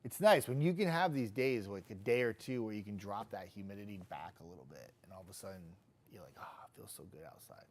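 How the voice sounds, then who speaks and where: A middle-aged TV weatherman runs a casual live stream, reading viewers' comments aloud and chatting loosely. He's jokey and chatty with frequent restarts, speaking briskly in a fairly low, expressive voice with a darkish tone.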